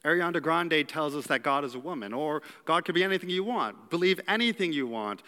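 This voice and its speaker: A man's voice: a little high, animated, brisk, sharp tone. A man preaching a sermon as pastor, in an earnest, plain-spoken way with some fillers. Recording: long hall reverb.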